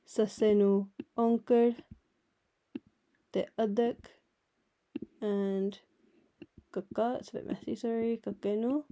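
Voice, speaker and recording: Patient woman teacher, unhurried delivery, soft mellow tone, repeats each word. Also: medium pitch. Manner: patient, explains each letter and repeats words slowly. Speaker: language teacher. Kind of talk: slow step-by-step alphabet lesson.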